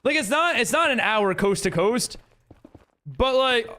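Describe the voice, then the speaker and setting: A man's voice: very high voice, expressive, a little slow, bright, forceful tone. A young man streaming, chatting casually with viewers, laughing often and using lots of fillers. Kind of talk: casual live-stream chat reading viewer messages.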